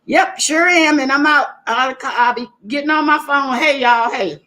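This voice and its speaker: Woman host, high and bright, animated chatty live-stream talk to viewers. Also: normal speed. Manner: animated, laughing, talks straight to viewers. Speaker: livestream talk show host. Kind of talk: casual live-stream chat.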